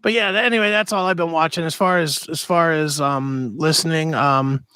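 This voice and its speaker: A man's voice: fairly high pitch, steady tone, moderate pace, sharp tone, smooth, dry recording. A man co-hosting a podcast, telling a rambling story in casual chat and mimicking the people he quotes. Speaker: podcast co-host.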